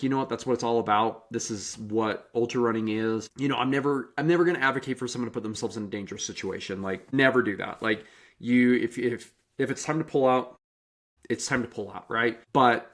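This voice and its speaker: A man's voice: medium pitch, fast talker, fairly bright tone. A man hosting a podcast who also coaches the guest. He speaks earnestly and encouragingly and asks probing questions. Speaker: podcast host and running coach. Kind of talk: casual interview.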